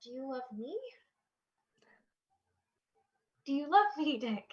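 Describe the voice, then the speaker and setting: A woman's voice: high voice, lively intonation, fairly quick, lo-fi sound. A young woman playing a torn female university student who pleads hesitantly with her boyfriend in a radio drama. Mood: tender. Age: young adult. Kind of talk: amateur radio drama acting.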